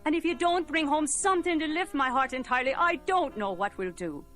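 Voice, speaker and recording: A woman's voice: sits high, expressive, a little fast, fairly bright tone, soft background music, pitched above the performer's own voice. A woman voicing a poor, exasperated mother who scolds her son fretfully.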